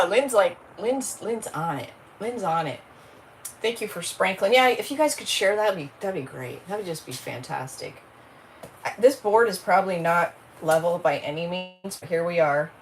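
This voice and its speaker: A woman chats her way through a crafting livestream in a fairly low voice, rambling from one thought to the next and calling out to viewers by name. Faint room noise sits behind her. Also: rough recording. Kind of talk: casual livestream chat.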